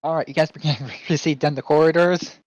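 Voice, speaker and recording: A man narrating as game master of a tabletop game, halting and correcting himself as he goes. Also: fairly high pitch, fairly even intonation, dry recording, lo-fi sound.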